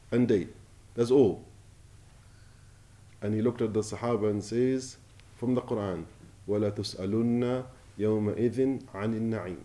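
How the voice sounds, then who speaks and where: Man, middle-aged, preacher, passionate rise and fall, mellow tone. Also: mid-range voice. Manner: impassioned, rising and falling, recites Arabic quickly. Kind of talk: Ramadan sermon.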